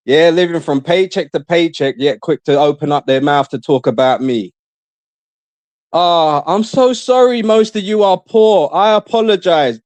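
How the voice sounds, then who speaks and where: A man's voice: high-pitched, darkish tone, dry recording. A man trash-talking and taunting his haters in casual stream chat. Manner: repeats himself, mocking. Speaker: live stream guest.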